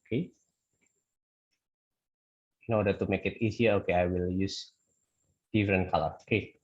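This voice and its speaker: Male lecturer, low expressive voice, halting with fillers, dull video-call sound. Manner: hesitant, many fillers and restarts, checks with "okay". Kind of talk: online statics lecture.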